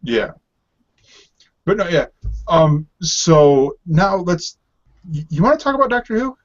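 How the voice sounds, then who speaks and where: A man's voice: a little high, big pitch swings, measured pace. A man co-hosting a casual podcast about TV, easygoing and full of hesitant fillers. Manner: hesitant, many ums, easygoing, laughs often. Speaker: podcast co-host. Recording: dull lo-fi sound.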